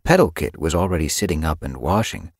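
A man narrating an audiobook with expressive storytelling. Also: a bass voice, brisk, slightly rough, dry recording, clean studio sound. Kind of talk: scripted narration.

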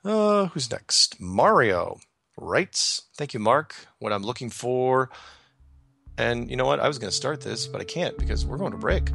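A man's voice: mid-range voice, a little fast, vocal fry, a bit bright, husky, no room sound, clean studio sound, soft background music. A man hosting a call-in radio show, talking casually and rambling as he corrects himself and reads listener emails aloud.

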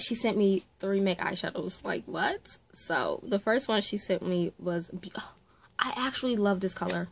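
Gushing woman vlogger with whispered gasps. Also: mid-range voice. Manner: gushing, breaks into breathy whispered exclamations. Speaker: vlogger and makeup artist. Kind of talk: casual unboxing vlog.

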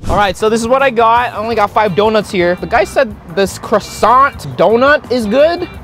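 A man hosting an energetic food challenge vlog, excitable and playful, exclaiming often. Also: high voice, normal speed, soft background music. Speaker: vlogger host.

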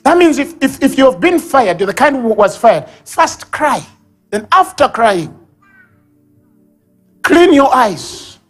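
A man with a Ugandan English accent preaching a sermon at a church service, animated, acting out sobs and baby babble and shouting key lines. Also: extremely high pitch, slow pace, long pauses, soft background music.

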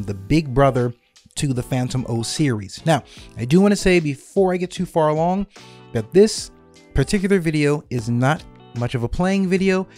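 Mellow-voiced man reviewing keyboards. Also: fairly high pitch. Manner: conversational, repeats figures for emphasis. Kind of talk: product comparison walkthrough.

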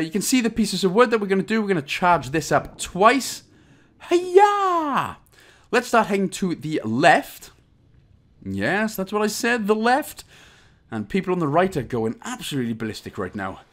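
A man's voice: a little high, sing-song, brisk, a bit bright. A young Welsh man talking through a game walkthrough, giving step-by-step instructions broken up by jokey, rambling asides. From Wales. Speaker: game guide narrator. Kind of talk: commentary over gameplay walkthrough.

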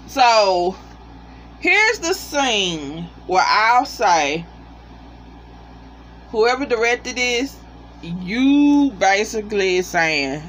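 Animated, profane TV reviewer. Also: medium pitch, slight background noise. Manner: animated, profane, talks straight to viewers. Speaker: TV episode reviewer. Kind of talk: casual spoken review.

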